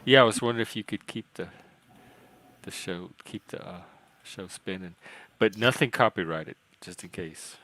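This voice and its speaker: A man hosting a casual panel chat, rambling and hesitant, often trailing off quietly. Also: on the low side, normal speed. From United States. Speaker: podcast host.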